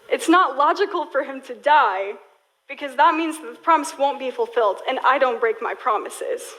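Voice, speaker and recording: A woman's voice: sits high, lively intonation, moderate pace, sharp tone, low-quality recording. A young woman preaching a sermon in a casual, storytelling way, full of "like" fillers.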